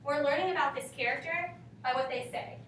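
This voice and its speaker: Woman teacher quizzing her class, high voice, sounds far off in a big echoey room. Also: brisk, fairly bright tone, slight background noise. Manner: questioning, prompting students.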